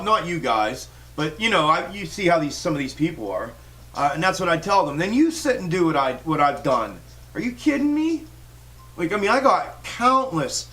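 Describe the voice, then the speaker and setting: A man's voice: high-pitched, bright, forceful tone, distant mic. A man hosting a stock trading livestream, ranting in a fired-up, profane way with lots of restarts. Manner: fired-up, swears constantly, rambling restarts. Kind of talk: profane live-stream rant.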